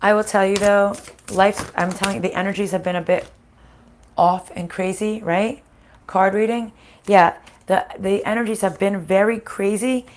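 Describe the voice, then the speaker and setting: A woman's voice: mid-range voice, steady tone, moderate pace. A woman with a scratchy voice leads a live-streamed spiritual card reading. She talks in a casual, chatty way, laughs often and swears now and then. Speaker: card reader.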